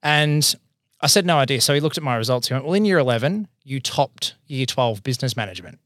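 Animated Australian man telling a story. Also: mid-range voice, quick pace, no room sound, clean studio sound. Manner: animated, acts out quoted voices. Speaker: accountant and business owner. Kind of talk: casual storytelling.

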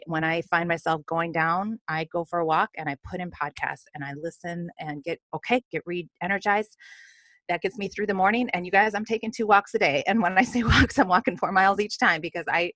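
A woman's voice: lowish voice, fairly bright tone, no echo. A woman business coach as an interview guest, talking in an earnest, upbeat way with many fillers. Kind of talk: casual interview chat.

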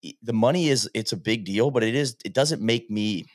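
Male podcast co-host, low voice, relaxed and rambling. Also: fairly quick. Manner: relaxed, rambling, many fillers. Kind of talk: casual golf podcast chat.

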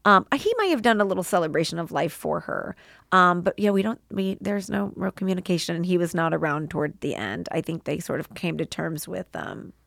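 A woman with a low, gravelly voice talks openly in an interview, heartfelt and quick to laugh through emotion. The recording is dry and close. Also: animated, fairly bright tone, no echo. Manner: heartfelt, tearful at times, laughs often. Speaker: podcast producer, guest.

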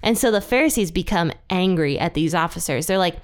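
Smooth-voiced woman teaching casually. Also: fairly low pitch, brisk. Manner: chatty, animated retelling. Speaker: podcast host. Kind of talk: casual Bible study teaching.

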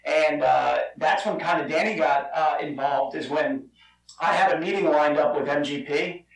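Gravelly chatty New Jersey man, echoey. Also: a little high, moderate pace, far from the mic. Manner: chatty, rambling, lots of fillers. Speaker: guest, bourbon company founder. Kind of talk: casual storytelling.

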